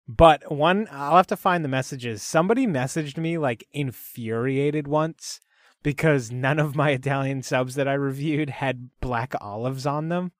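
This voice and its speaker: A man's voice: medium pitch, measured pace, dry recording, clean studio sound. A man co-hosting a casual podcast, chatting loosely with plenty of fillers and frequent laughs. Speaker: podcast co-host. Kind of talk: casual chat.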